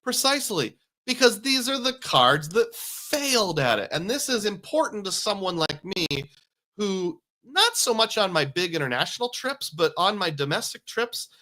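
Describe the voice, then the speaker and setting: A man's voice: sits high, very animated, normal speed, sharp tone. A man hosting a casual livestream, talking in a chatty, jokey, self-deprecating way and reading out viewer comments. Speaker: host.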